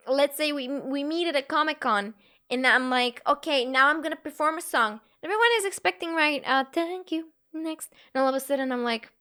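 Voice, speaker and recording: A young woman with a high voice hosts a casual live stream. She giggles often and reacts to chat messages one after another in a loose, chatty way. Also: sharp tone. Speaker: Twitch streamer.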